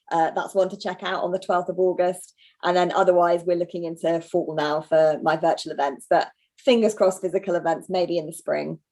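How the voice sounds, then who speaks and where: A woman in her thirties talks as an author guest on a video call. Her voice sits on the low side, and she keeps up a chatty, self-deprecating flow with quick asides. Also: darkish tone. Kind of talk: conversational interview over video call.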